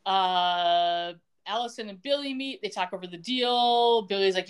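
Woman retelling a tv episode, animated, bounces between character voices. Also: medium pitch, brisk, clean tone. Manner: animated retelling, acting out characters' lines with laughs. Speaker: podcast co-host recapping a TV episode. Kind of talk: casual recap chat.

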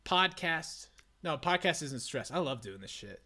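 A man in his twenties co-hosting a casual podcast, loud and excitable, ranting and joking at himself. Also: fairly high pitch, a little slow. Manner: loud, excitable, self-mocking rants. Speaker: podcast co-host.

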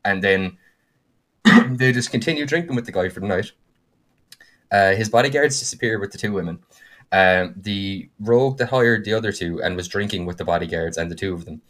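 A man, co-hosting a podcast and telling the story of a game he ran in an animated, filler-heavy way. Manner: animated, with frequent fillers and quick bursts of higher pitch. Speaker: podcast co-host and game master. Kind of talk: casual storytelling chat.

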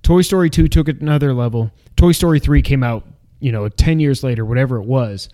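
A man's voice: medium pitch, fairly quick, dark tone. A man co-hosting a podcast, gushing and rambling in casual chat. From Canada. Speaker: podcast co-host.

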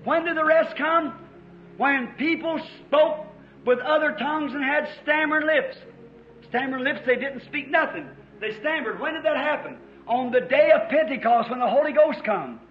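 A man preaching with fervor in an old-time revival style, telling folksy stories and building up to shouts, in a church hall. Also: extremely high pitch, normal speed. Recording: dull, echoey 1950s sermon tape.

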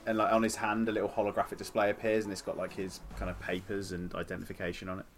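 A man's voice: low voice, monotone, rapid-fire, soft background music. A man casually describing his character's actions in a tabletop game. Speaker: player.

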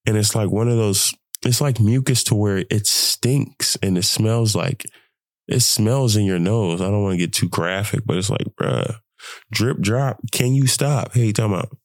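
A young man hosting a podcast, sick with the flu, talking in an animated, preachy way and laughing often. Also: fairly low pitch, measured pace, no room sound. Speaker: podcast host. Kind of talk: casual motivational monologue.

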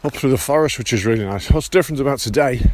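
A man's voice: medium pitch, fast talker, a little mellow. A British man casually narrating his walking pilgrimage, chatty and self-deprecating, often restarting his sentences. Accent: British English. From Britain. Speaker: podcast host walking the Camino.

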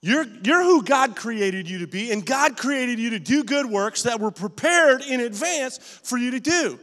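A man pastor preaching a lively sermon in a church auditorium, telling stories with emphasis and rising to shouts. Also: extremely high pitch, measured pace, few pauses, long reverb tail. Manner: emphatic, storytelling, rises to shouts.

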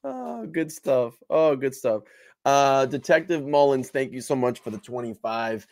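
A man's voice: medium pitch, steady tone, normal speed, a little mellow, no room sound. A man hosting a live stream, chatting casually and thanking viewers. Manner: laughing hard, retelling clips.

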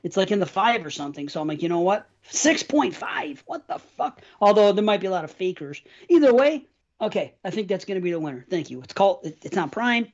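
A man's voice: high voice, lively intonation, fast talker. A middle-aged man co-hosting a podcast, telling rambling profane stories in casual chat. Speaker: podcast co-host. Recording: muffled lo-fi audio.

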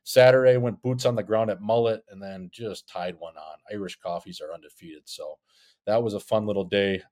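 A man with a somewhat low voice tells a long, rambling story in a casual podcast chat. He swears freely and jokes at his own expense. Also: normal speed, a little mellow. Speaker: podcast co-host, former hockey player. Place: Scottsdale.

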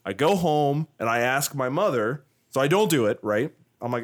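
A man's voice: medium pitch, expressive, moderate pace. A man co-hosting a podcast, telling stories in a rambling, casual way and swearing freely. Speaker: podcast co-host.

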